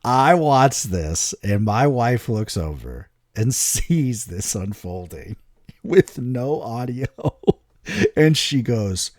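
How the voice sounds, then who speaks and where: Animated, profane man co-hosting a podcast. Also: medium pitch, slow, no room sound, studio quality. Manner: animated, profane storytelling with voices. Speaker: podcast co-host. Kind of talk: casual chat.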